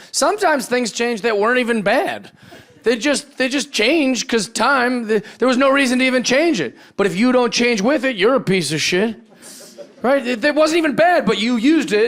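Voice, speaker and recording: A man performing stand-up comedy on stage before a live audience, animated and profane, acting out the voices of the people in his stories. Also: high-pitched. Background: audience laughter.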